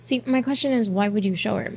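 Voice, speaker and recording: A woman's voice: medium pitch, fast talker, music in the background. Blunt, snarky woman reacting to a movie. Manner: blunt, swears freely, snarky. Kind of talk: casual reaction commentary.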